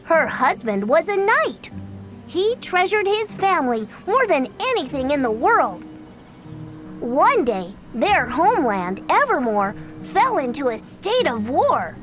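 A woman's voice: sits high, very animated, a little slow, voice pushed up. A woman voicing a small, friendly male gingerbread man who eagerly tells an old story, over game music.

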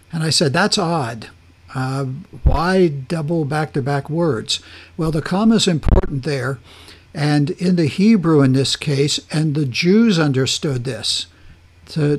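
A man teaching a verse-by-verse Bible study, reading scripture aloud and explaining word meanings, with frequent pauses and restarts. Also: on the high side. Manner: slow and deliberate, pausing and restarting as he explains.

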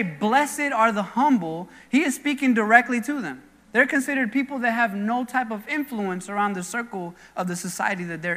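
Man, pastor, sermon, very high voice, earnest conversational preaching, long church-hall reverb. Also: pushed and bright. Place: church sanctuary.

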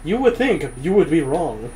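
A woman's voice: sits low, very animated, normal speed, music in the background, poor audio. Laughing woman swearing at a game. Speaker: let's play gamer. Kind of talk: casual gameplay commentary.

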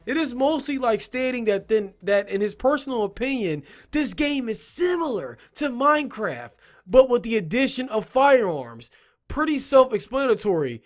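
A man hosting a video where he reads game reviews aloud and mocks them in a sarcastic, joking way. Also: sits high. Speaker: YouTube host. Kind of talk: reading and mocking game reviews.

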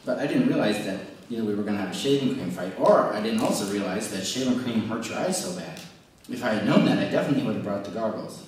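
A man's voice: fairly low pitch, animated, fast, a little mellow, slight background noise. A young man telling a rambling, casual story with many fillers, talking to kids. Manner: chatty, rambling, lots of fillers. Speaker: children's message speaker. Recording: very echoey room from far off.

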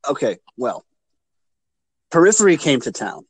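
A man with a lively, swooping voice talks on a casual podcast, cracking crude jokes and swearing freely. His voice is close and dry, with no room sound around it. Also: medium pitch, unhurried, slightly rough, no echo, low-quality recording. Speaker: podcast co-host. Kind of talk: casual chat.

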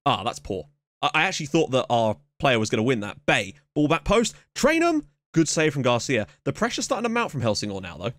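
A man hosting a let's play, giving excitable running commentary on a match with sudden yelps at big moments. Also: medium pitch, no echo. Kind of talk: casual gameplay commentary. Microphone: camera mic.

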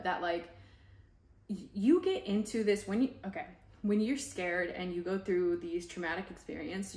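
Woman, podcast host, candid personal storytelling, casual and raw, filler-heavy, echoey room. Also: fairly low pitch.

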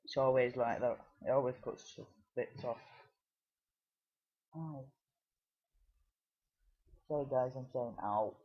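A man's voice: medium pitch, fairly even intonation, moderate pace, few pauses, highs cut off. A British man giving casual gameplay commentary, rambling with many fillers and restarts. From United Kingdom. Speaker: gaming video creator.

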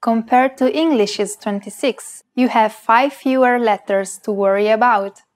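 A woman's voice: fairly high pitch, measured pace. A woman co-hosting a scripted language lesson, carefully pronouncing example words for learners to repeat.

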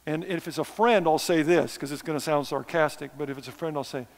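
Self-mocking preacher in a reverberant hall. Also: male voice, fairly high pitch, fairly quick, few pauses. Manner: conversational, self-deprecating, sarcastic asides. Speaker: missionary preacher. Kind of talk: sermon. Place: church sanctuary.

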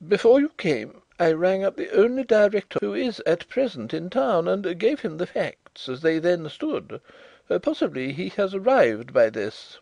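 A man's voice: big pitch swings, moderate pace, gravelly, darkish tone, dry recording, exaggerated voice. A man reading the part of a fussy, anxious male bank manager who stammers when upset. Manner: agitated, stammering, high-strung.

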